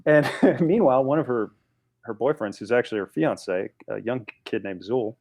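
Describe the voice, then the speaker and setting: A man in his forties, a podcast guest telling a story in a casual, animated way with frequent restarts. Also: medium pitch, moderate pace. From United States.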